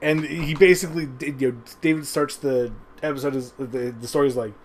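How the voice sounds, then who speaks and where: A man's voice: medium pitch, fairly even intonation, brisk, slight background noise. A man giving a casual, rambling review of an old TV episode into a webcam, swearing often and chuckling as he goes. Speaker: show reviewer. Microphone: webcam recording.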